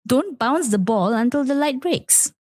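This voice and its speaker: A woman's voice: high-pitched, lively intonation, unhurried, a little mellow, dry recording, clean studio sound. A Malaysian woman, a parent and teacher, co-hosting a casual podcast chat and mixing in Malay as she reenacts home scenes. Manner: switches between English and Malay mid-sentence, reenacts scenes.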